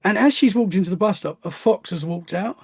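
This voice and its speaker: High-voiced, gravelly male podcast host. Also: fairly quick, no room sound. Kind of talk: casual interview chat.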